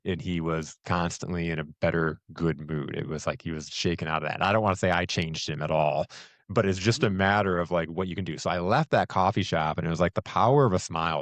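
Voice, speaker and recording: A middle-aged man talks in a very low, deep voice, close to the mic with no room sound. He tells a story casually, with fillers and laughter. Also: dry recording. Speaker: host. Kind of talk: casual conversation.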